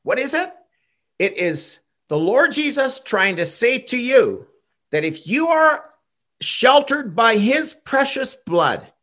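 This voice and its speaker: High bright-voiced guy preaching, really lively ups and downs, hammers the same words over and over. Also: takes it slowly. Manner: earnest, emphatic, repeats key phrases. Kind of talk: gospel sermon.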